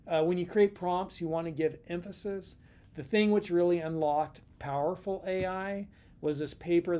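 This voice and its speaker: A man's voice: a little high, darkish tone, a little hiss or hum. A middle-aged man giving a casual college lecture, chatty and repetitive, with many fillers and restarts. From California. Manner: chatty, repeats himself, plenty of fillers and restarts. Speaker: college instructor.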